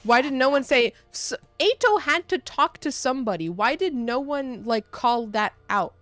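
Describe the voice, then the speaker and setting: A woman streamer giving casual gameplay commentary, with animated, sweary rants broken up by laughter. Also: high-pitched, normal speed, dry recording.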